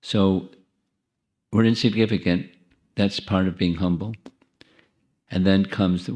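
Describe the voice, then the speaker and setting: A man's voice: low-pitched, fairly even intonation, measured pace, long pauses, darkish tone. A man giving an informal spiritual lecture to an audience in a temple hall, talking conversationally with asides to listeners and restarting his phrases as he thinks. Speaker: monk giving a spiritual talk.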